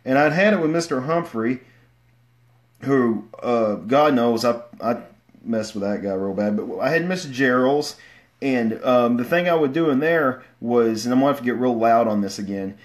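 A man, rambling through casual livestream stories, with many fillers and restarts and sudden loud outbursts. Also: mid-range voice, normal speed. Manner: bursts into loud shouts when acting out stories. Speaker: vlogger.

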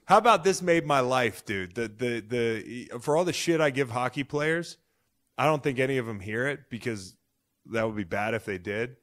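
A man in his thirties hosting a podcast, talking in excitable, profane, jokey banter. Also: mid-range voice, moderate pace. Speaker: podcast host. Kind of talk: casual chat.

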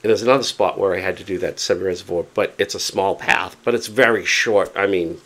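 A man casually telling a story to camera, chatty and animated, often repeating himself for emphasis. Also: deep voice, quick pace. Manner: excited, determined. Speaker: vlogger.

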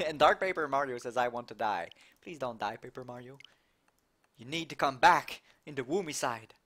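Excitable Québécois man streaming games. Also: medium pitch. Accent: Québécois French. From Quebec, Canada. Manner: excitable, laughs often, quick reactions. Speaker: game streamer. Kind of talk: live gameplay commentary, reading chat aloud.

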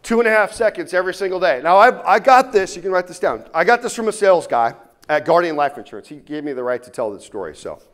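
A man giving a motivational keynote to a live audience, telling stories and swinging between loud punches and quiet asides. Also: sits high, lively intonation, fast talker. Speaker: keynote speaker. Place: conference room before a live audience.

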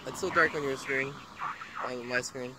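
A man vlogging while he walks around town playing a phone game, excitable and swearing freely. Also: medium pitch, normal speed, very noisy. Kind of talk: casual gameplay commentary while walking. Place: outdoors walking around town. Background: loud music.

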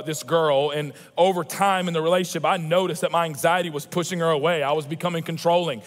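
A man, preaching a sermon as pastor with animated, emphatic personal storytelling. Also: a little high. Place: large church auditorium. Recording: long reverb of a church auditorium.

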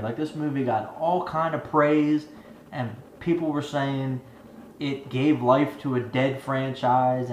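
A man's voice: mid-range voice, darkish tone, a little hiss or hum. A man giving a profane, rambling movie review rant, exasperated and swearing constantly. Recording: echoey room with faint ambience.

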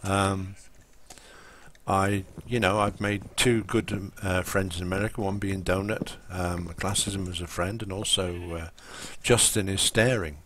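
A man's voice: sits low, steady tone, measured pace, a bit bright, a little hiss or hum. A man chatting casually and rambling while he plays a game on a live stream. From England. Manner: rambling, full of ums and restarts.

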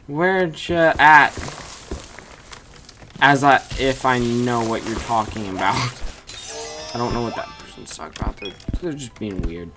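A woman giving excitable gameplay commentary, chattering at the game and breaking into sudden yelps. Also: very deep voice, a little slow, pauses often, music in the background. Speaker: gaming channel host. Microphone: USB desk microphone.

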